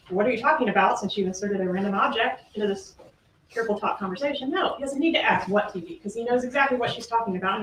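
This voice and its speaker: A slightly high-voiced woman prosecutor closes her case by hitting the jury with pointed rhetorical questions and deliberate, emphatic pauses. The audio is distant and echoey, as courtrooms are, and carries a little hiss or hum.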